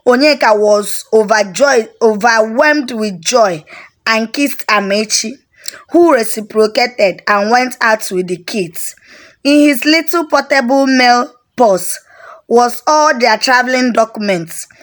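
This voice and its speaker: A woman with a Nigerian accent narrating a folk tale in a steady storybook manner. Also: a little high, slow.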